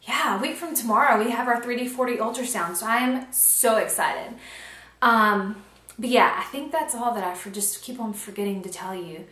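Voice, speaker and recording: Speaking at normal speed, the woman has a fairly high, bright and forceful voice that sounds roomy. She's pregnant and vlogging casually from a small nursery at home on a handheld camcorder, with plenty of ums and light laughter.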